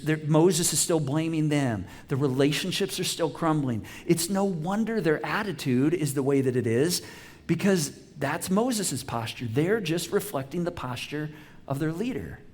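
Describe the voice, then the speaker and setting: A man preaching a sermon to a congregation in a conversational style, with frequent restarts and lively acted-out quotes. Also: fairly high pitch. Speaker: pastor. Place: church auditorium with a live congregation.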